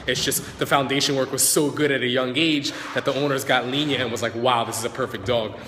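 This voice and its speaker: Chatty man with a bright echoey voice. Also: medium pitch, steady tone, a little fast, a little hiss or hum. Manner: chatty, talks to viewers and dogs, frequent "right?" and "like". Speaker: dog trainer. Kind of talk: casual live-stream explanation. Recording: echoey room with long reverb.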